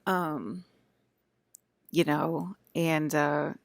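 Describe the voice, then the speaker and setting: A woman's voice: deep voice, unhurried, gravelly, no room sound. A woman, a mother, rambling casually to her audience from a hotel room, often restarting her sentences. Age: adult with children. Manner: chatty, wandering, restarts mid-sentence. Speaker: vlogger.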